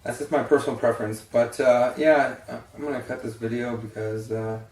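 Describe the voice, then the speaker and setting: A man's voice: mid-range voice, flat delivery, a little fast, a little mellow. Casual vlogger, young man, tired and blunt, swears, rambles, set back from the mic in a roomy space. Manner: blunt, swears freely, rambling with many fillers. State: tired and yawning. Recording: echoey room, distant from the mic.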